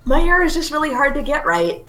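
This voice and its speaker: Woman reading a bubbly schoolgirl for a visual novel stream; high, bright, sing-song. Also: very animated, brisk, soft background music. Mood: sheepish. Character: cheerful clumsy teenage schoolgirl.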